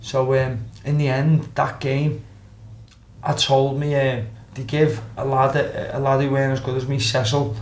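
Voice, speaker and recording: Speaking at an unhurried pace with a medium pitch and a level tone, this young Scouse man from Liverpool is a former footballer guesting on a podcast. He tells stories casually, acting out quotes and swearing freely. There's slight background noise, and the room sounds roomy with faint ambience.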